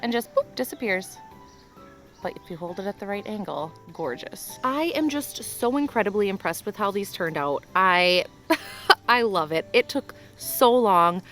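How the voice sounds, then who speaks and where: A young woman hosting a casual hobby vlog, excitable and quick to gasp and laugh. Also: medium pitch, soft background music. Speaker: rock tumbling channel host.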